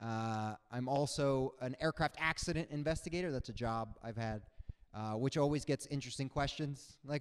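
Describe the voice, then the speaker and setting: A man doing a stand-up comedy set on stage, animated and acting out other people's voices. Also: medium pitch, moderate pace, clear, resonant tone. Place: on stage before a live audience.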